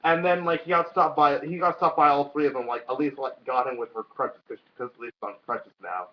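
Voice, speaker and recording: A young man with a medium-pitched, steady voice talks a little fast while co-hosting a casual vlog chat. He rambles with lots of filler words and swears freely, and the recording has a dull, lo-fi sound.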